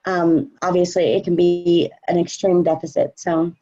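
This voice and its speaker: A woman's voice: on the low side, flat delivery, moderate pace, mellow, lo-fi sound. A woman trading coach answering questions in a casual live chat, confident and chatty with plenty of fillers.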